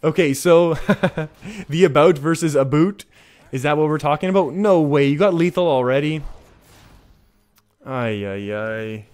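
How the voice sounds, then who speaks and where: Slightly high, slightly slow and somewhat mellow, this man's voice carries a Canadian accent. He streams a card game with relaxed, chatty commentary, chuckling at himself and starting sentences over as he talks to his chat.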